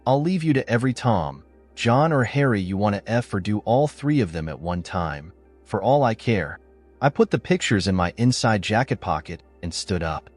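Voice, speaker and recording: A man's voice: fairly low pitch, a little mellow. A man narrating a first-person story, voicing the betrayed husband in a blunt, angry, sarcastic manner.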